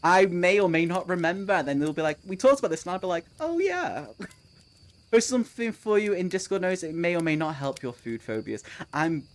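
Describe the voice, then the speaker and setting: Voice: medium pitch, a little fast. A young adult book streamer chatting casually on a live reading sprint, answering chat messages, laughing often and swearing freely.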